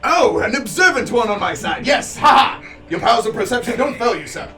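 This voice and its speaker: A man voicing a drunken, pompous male tengu dandy who exclaims loudly and rushes his words. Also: very high voice, animated, distant mic, voice pushed up. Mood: delighted. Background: background music.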